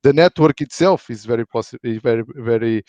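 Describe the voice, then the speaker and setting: A man talking casually on a live stream, halting and full of fillers and repeated words. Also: mid-range voice, a little mellow, no room sound. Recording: dry, dull lo-fi audio.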